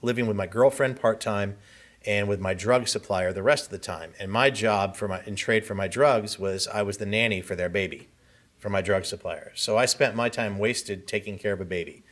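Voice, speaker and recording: Bright-voiced man giving a testimony. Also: on the low side, normal speed. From Southern California. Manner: vivid first-person storytelling, earnest. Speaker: conference speaker. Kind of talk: personal testimony speech. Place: conference hall.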